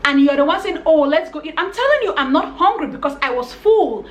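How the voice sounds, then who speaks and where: A young woman from Cameroon tells a storytime on her vlog with a high, bright pitch, acting out every line of dialogue with animated exasperation. Her voice bounces around an echoey room, with a faint hiss of noise under it. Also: brisk. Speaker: vlogger. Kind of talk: storytime vlog, casual retelling.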